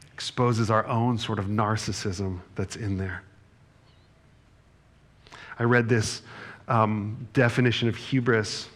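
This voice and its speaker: A man's voice: medium pitch, fairly bright tone. A middle-aged male pastor preaching a sermon in a conversational, self-deprecating storytelling manner, often checking in with the congregation. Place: church sanctuary.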